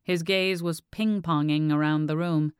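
A calm audiobook narrator reading fiction with a smooth, resonant voice. The sound is close and dry, with no room behind it. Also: mid-range voice, unhurried, dry recording.

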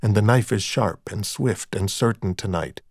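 A man narrating dark fiction in a slow, hushed, measured and cold manner. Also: on the low side, slightly rough, dry recording, studio quality.

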